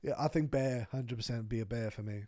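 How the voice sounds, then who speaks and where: A man's voice: mid-range voice, a little fast, mellow, no room sound, clean studio sound. A young man co-hosting a podcast in casual chat, chatty and easily amused, reading out listener questions. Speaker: podcast co-host.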